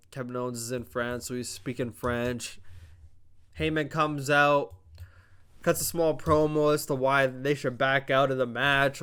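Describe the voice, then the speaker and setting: A young man with a smooth, clear voice rambles through a wrestling recap. He talks loosely, swears freely and lifts his voice when he acts out quotes. His pitch sits in an ordinary middle range. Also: fairly bright tone. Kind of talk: casual chat.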